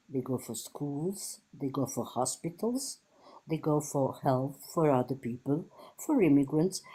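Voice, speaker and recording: A woman's voice: low-pitched, dark tone, husky. A woman from Portugal with a Portuguese accent, a polite and earnest caller who apologizes often. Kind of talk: casual debate call.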